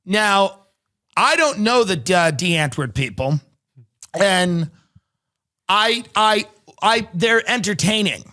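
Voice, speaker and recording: A man's voice: sits high, animated, slow, pauses often, pushed and bright. A man hosting a podcast, reading news articles aloud and riffing on them with sardonic comedic commentary. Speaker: podcast host.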